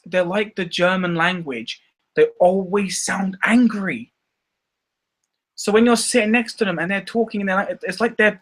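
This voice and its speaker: A man's voice: high-pitched, a bit bright. A Scottish man chatting casually on a live stream, rambling and laughing often. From Scotland. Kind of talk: casual chat.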